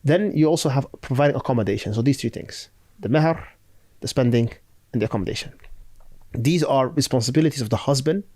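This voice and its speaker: A man's voice: mid-range voice, quick pace, mellow, dry recording. A man who is an Islamic scholar, explaining duties in a podcast with Arabic terms. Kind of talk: religious podcast discussion.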